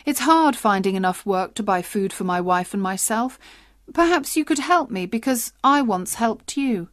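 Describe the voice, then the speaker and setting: A scheming working man wheedles and hints , voiced by a woman reading a storybook. The delivery is sly and coaxing, pitched at her ordinary middle register. The sound is dry and close, with no room around it. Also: expressive, moderate pace, no echo, lightly acted. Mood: pleading. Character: poor male workman blackmailing a woman.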